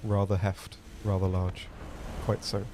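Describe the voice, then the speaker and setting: A man's voice: sits low, level tone, unhurried, dark tone, slight background noise. A man co-hosting a live gameplay stream, laid-back and dry-humored, with plenty of hesitant fillers. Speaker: stream co-host.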